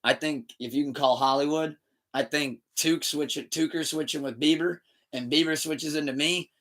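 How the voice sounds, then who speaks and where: Male podcast host, casual chat, animated, swears a lot, somewhat high voice, bright tone. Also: normal speed. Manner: animated, laughing storyteller who swears often.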